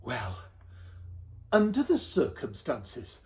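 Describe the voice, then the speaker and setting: A man's voice: medium pitch, huge pitch swings, takes it slowly, pitched below the performer's own voice. A man with a Welsh accent voicing the Virgin Mary, a weary young mother in labour.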